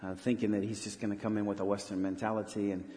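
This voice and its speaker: A man serving as a missionary pastor, telling a story in an earnest, halting way with many restarts during a church interview. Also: on the low side, flat delivery, mellow. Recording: long hall reverb.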